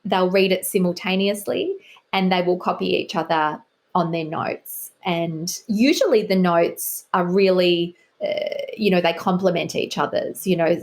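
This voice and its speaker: A middle-aged woman, a guest author, chatting in an interview with a wry, self-deprecating humor. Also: lowish voice. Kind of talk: casual interview chat.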